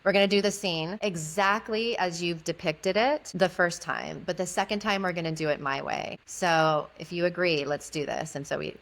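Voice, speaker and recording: A woman's voice: on the low side, normal speed, hardly any pauses. A woman guest, an intimacy educator, telling a story in conversation and acting out the dialogue in it. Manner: animated, acts out quoted dialogue.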